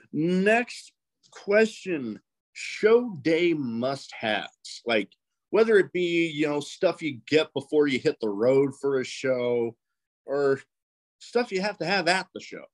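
A man hosts a podcast, asking his questions in a relaxed, chatty way. His voice is average in pitch and he slips in easy fillers as he goes. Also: slow, dry recording. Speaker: podcast host. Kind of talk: casual interview questions.

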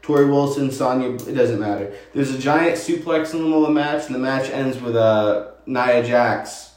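Podcast host, male, mid-pitched, halting recaps, very echoey room. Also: a little mellow. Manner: hesitant, fills gaps with "um" while recapping. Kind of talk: casual chat.

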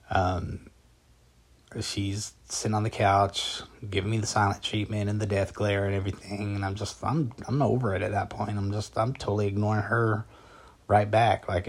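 Low-voiced man telling a story casually. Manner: rambling and conversational, with frequent fillers and restarts. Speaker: vlogger recounting a personal story.

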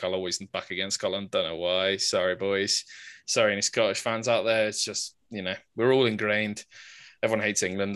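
A man's voice: deep voice, fairly bright tone. A man co-hosting a casual rugby podcast, jokey and opinionated. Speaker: podcast co-host.

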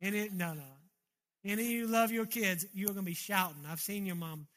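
Bright high-voiced male preacher. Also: fairly quick. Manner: earnest, repeats words, restarts phrases. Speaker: pastor. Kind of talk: sermon. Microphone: handheld microphone.

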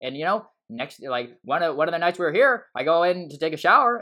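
A man co-hosting a casual podcast, with a bright voice that leaps up and down in pitch. He tells stories quickly and in a rambling way, slipping into excited quotes of himself. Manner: animated storytelling, quick and rambling. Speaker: podcast co-host.

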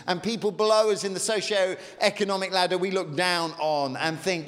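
A man preaching a sermon, emphatic, swinging between raised intensity and quiet reflection. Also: on the high side, normal speed, hardly any pauses. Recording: long hall reverb.

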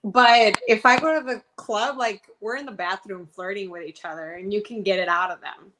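A woman co-hosting a casual chat, chiming in with quick, laughing remarks. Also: medium pitch, steady tone, fairly bright tone, poor audio. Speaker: co-host.

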